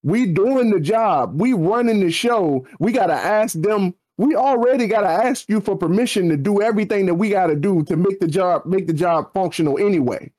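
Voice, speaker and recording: A man co-hosting a podcast, ranting in loose slang. His voice sits a little on the high side and jumps sharply upward when he stresses a point. He talks in casual, heated bursts. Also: moderate pace, hardly any pauses. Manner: animated ranting with slang, voice jumping up for emphasis. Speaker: podcast co-host.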